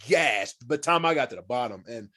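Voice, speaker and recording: A man telling hunting and fishing stories as a podcast guest in casual, animated talk, swearing freely and acting out what people said. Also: mid-range voice, brisk. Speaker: podcast guest, former pro football player. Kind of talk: casual storytelling.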